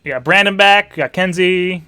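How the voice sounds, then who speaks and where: A man hosting a livestreamed party game for his students, casual and deadpan. His voice sits a bit high with a bright, forceful tone. It is close-miked in a dead, dry space with faint music underneath. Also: normal speed, smooth, no echo. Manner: dry, offhand asides while setting up.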